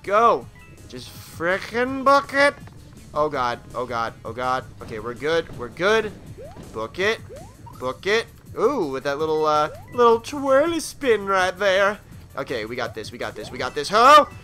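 A high, bright male voice that swings widely in pitch as he panics, curses and urges his game character on. He talks at an unhurried pace between the bursts, with faint music behind him. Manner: excitable, swears, panicky outbursts. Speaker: gaming let's play host. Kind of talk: let's play commentary.

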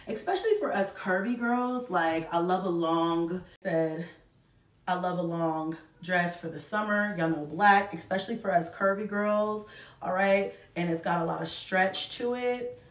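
A mother in her thirties chats effusively to camera, showing off a shopping haul and calling her viewers y'all. Her voice sits on the low side and is a little slow, recorded in an echoey room with the mic at a distance.

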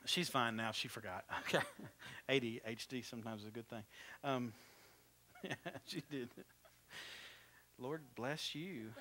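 A man preaching a sermon as pastor, animated and swinging from loud bursts to quiet asides, often asking the congregation questions. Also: mid-range voice. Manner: conversational, asks the congregation questions. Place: church.

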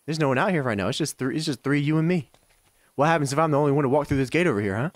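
A man's voice: a little high, rapid-fire, no room sound. A man giving loose let's-play commentary, trash-talking and cursing at the characters in a video game. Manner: brash profane trash talk at game characters. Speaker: gaming YouTuber.

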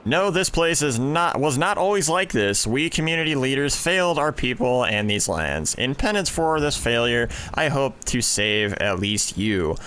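A man's voice: medium pitch, very animated, normal speed, few pauses, fairly bright tone, slight background noise. A man reading as a remorseful old-world leader. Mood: solemn. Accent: attempted Old English. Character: remorseful male community leader writing last confession.

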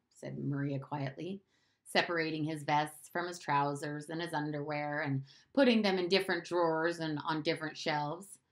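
A woman reading a novel aloud as an expressive narrator. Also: sits low. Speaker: audiobook reader. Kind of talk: storybook narration.

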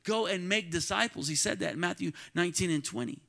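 A man preaching in a church with a high voice. He calls out to the congregation and swings from quiet, close talk to ringing shouts. His tone is bright and cutting. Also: fast, gravelly. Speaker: pastor. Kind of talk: sermon. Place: church sanctuary.

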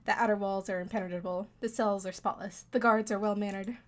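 A woman's voice: mid-range voice, steady tone, fast talker, natural voice. A woman reading the lines of an eager small male bird assistant in a game, reading them aloud in a plain voice. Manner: reads game dialogue aloud.

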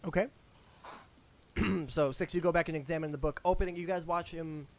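A man's voice: on the high side, steady tone, normal speed. A man running a tabletop game as game master, narrating casually with restarts and spoken sound effects.

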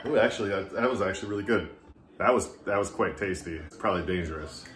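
A man's voice: deep voice, fast talker, fairly bright tone. A man vlogging casually to camera, chatty and self-mocking as he talks to himself. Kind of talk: casual drinking vlog. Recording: echoey room with music behind. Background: Irish music playing.

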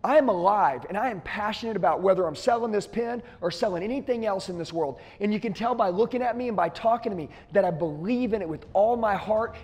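A man's voice: high voice, husky, long reverb tail. A middle-aged man, a sales trainer, giving an intense, emphatic motivational talk to the camera.

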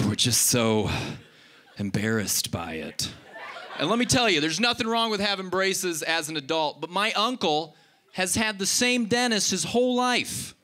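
A man doing a stand-up comedy set, telling stories with animated delivery and high shouted voices for the people he quotes.

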